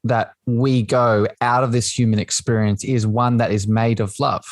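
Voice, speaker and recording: A man's voice: medium pitch, little pitch movement, moderate pace, dry recording. A man hosting a podcast, speaking in a thoughtful, reflective way and often checking in with "right?". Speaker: podcast host. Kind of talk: reflective conversation.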